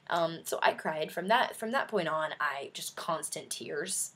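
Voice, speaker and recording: A woman's voice: medium pitch, expressive, unhurried, pushed and bright. A young adult woman chatting in a casual video review, effusive and rambling with many fillers. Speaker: vlogger.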